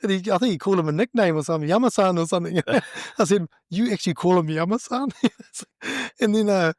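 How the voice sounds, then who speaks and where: A middle-aged man with a New Zealand accent, a judo coach telling stories in a casual interview, animated and laughing as he acts out what people said. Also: sits high, fast talker, no echo, studio quality.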